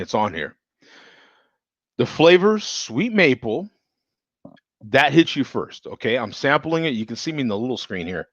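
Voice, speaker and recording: A man's voice: medium pitch, no room sound, dull audio. A man casually reviewing a beer on a live stream, joking and laughing often as he chats with viewers.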